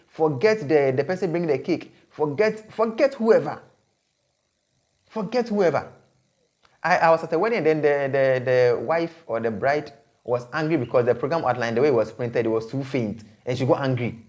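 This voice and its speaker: A man hosting an advice vlog, speaking emphatically, repeating phrases and breaking into sudden high exclamations. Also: a little mellow. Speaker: host.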